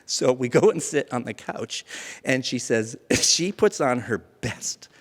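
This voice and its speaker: A man, around his thirties, telling a personal story live to an audience, animated and often laughing at himself. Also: medium pitch, measured pace. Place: museum event space before a live audience. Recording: long hall reverb.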